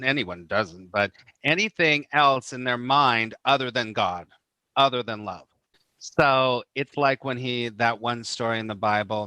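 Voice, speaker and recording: A middle-aged man, a spiritual teacher, telling stories in an animated, casual way and acting out the people he quotes, with many "you know"s. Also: medium pitch, no echo. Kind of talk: casual podcast conversation.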